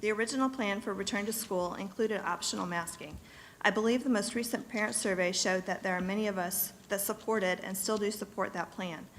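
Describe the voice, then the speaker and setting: A woman reads prepared remarks to a school board from a podium in a public meeting room. Her delivery is earnest and steady, at a middle pitch, with a faint hum of room ambience behind her. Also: a little fast, rough recording. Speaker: parent speaking at public comment.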